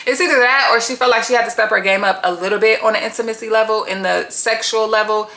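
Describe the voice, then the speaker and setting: A woman's voice: fairly high pitch, steady tone, fast talker, few pauses, sharp tone, echoey room. A woman giving a casual, blunt and profane recap of a reality dating show, full of slang and gossip.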